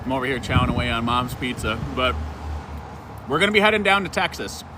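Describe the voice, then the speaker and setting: A man's voice: medium pitch, quick pace. Guy on a street live stream calling out viewers by name, voice bouncing all over, noisy outside. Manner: greets viewers by name, lively and excitable. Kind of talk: outdoor live stream chat. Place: outdoors in a town square. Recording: noisy outdoor street sound.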